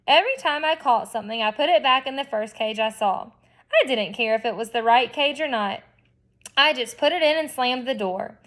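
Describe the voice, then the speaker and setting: A woman's voice: sits high, fairly bright tone. A woman reading a children's novel aloud expressively, with chatty asides to her listeners. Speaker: reader.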